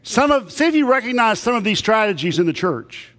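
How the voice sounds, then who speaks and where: A man's voice: high voice, big pitch swings, a little fast, fairly bright tone. A man preaching a sermon to a congregation, telling folksy, humorous stories. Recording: long reverb of a big hall.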